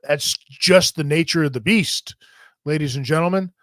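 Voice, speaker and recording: A man's voice: a little high, normal speed, a bit bright, no room sound. A man hosting a talk show, telling a story in a casual, profane and jokey way. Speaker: host.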